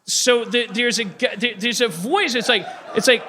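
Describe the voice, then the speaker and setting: A man's voice: very high voice, moderate pace, sharp tone. A man hosting a live comedy podcast, telling a rambling, stammering story and acting out voices. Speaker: podcast host. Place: live stage before an audience.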